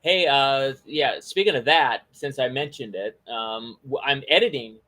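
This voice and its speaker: This podcast host's mid-range voice sounds pushed and bright and moves a little slowly. He keeps the talk show chat casual, rambling and friendly, with many fillers and restarts.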